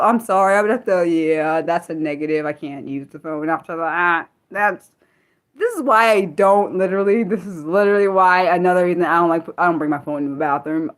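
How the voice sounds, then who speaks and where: Woman hosting an unscripted livestream; rambling, apologetic, chatty reactions to viewers. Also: lowish voice. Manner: rambling, often apologizing, reacting to chat comments. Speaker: livestream host. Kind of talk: casual unscripted livestream chat.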